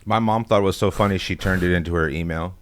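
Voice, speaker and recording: A man's voice: deep voice, fast, a bit bright. A man from Texas, a podcast guest telling rambling, profane school stories in casual chat. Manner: rambling, profane storytelling with acted-out quotes. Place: podcast studio.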